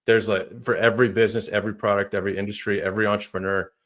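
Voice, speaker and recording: Low-voiced man moderating a live Q&A. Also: level tone, very fast, fairly bright tone. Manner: reads out audience questions, friendly and upbeat. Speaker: moderator and publication founder. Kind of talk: hosting a live online Q&A.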